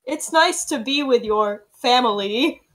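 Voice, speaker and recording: A woman's voice: fairly high pitch, a little slow, a bit bright, rough recording. A woman playing a tabletop game, playful and curious. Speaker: player.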